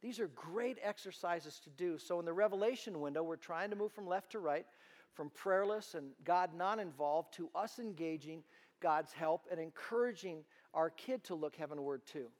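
A man giving a sermon-style talk to parents in a large room, telling stories in an animated way. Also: on the high side, normal speed. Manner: animated storytelling. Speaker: ministry speaker.

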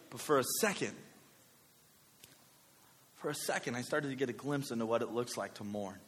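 Storytelling pastor in a reverberant hall. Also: male voice, medium pitch, brisk, long pauses. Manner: conversational, animated storytelling with many asides. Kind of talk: sermon with personal story.

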